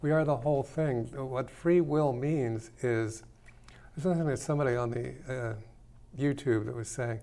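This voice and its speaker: A man hosting a call-in talk show, his voice gravelly with a steady creak. He rambles through his ideas in a loose, playful way and likes to tease his listeners. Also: mid-range voice, normal speed. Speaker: radio show host.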